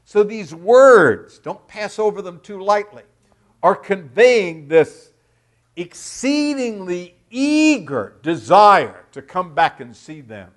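A middle-aged male pastor delivers an expository sermon at an unhurried, deliberate pace. His voice sits a bit higher than most men's, and he leans hard on key words, then drops almost to a murmur. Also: very animated. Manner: emphatic, dramatic rises and drops in loudness.

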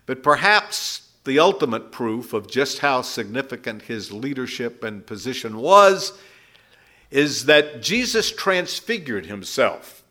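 Guy doing slow bible teaching, bright voice, really expressive ups and downs. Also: mid-range voice. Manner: unhurried explaining, with lively rises and drops.

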